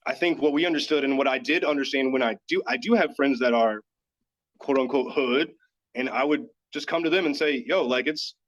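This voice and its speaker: A man from Dallas, Texas, a yoga teacher appearing as a podcast guest, tells a personal story in casual chat with a brisk, medium-pitched voice. He's earnest and candid, leaning heavily on "like" and other fillers, and the audio is dull and lo-fi.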